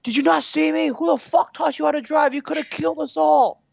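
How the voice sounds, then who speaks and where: A man putting on an aggressive old male bus driver with a thick Boston accent, shouting in a high, strained voice. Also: fairly even intonation, a little fast, creaky, dry recording, clean studio sound, heavily acted. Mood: furious.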